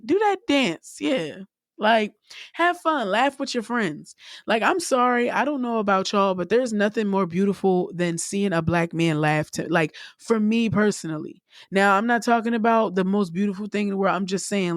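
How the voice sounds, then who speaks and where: A woman's voice: medium pitch, dry recording. Blunt, profane young woman podcaster, dry sound. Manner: blunt, profane, animated, laughs often. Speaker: podcast host. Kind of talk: casual solo podcast rant.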